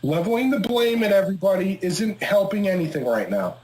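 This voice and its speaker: A man scolding the others sharply and swearing, trying to calm a family argument. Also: high-pitched, fairly quick. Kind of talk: heated real-life argument. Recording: echoey room sound.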